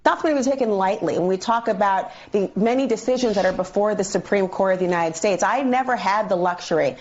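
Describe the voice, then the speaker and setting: A woman speaking as a television legal analyst, emphatic and earnest, stacking long sentences toward her point. Her pitch sits in the middle range. The audio sounds dull and lo-fi, like a replayed TV clip. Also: a little fast, a little mellow. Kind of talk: televised commentary.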